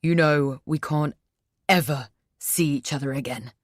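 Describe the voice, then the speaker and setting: A woman's voice: sits low, unhurried, a little mellow, no echo, clean studio sound. A woman voicing a hurt young man who pleads and turns sarcastic, in an audiobook reading. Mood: bitter.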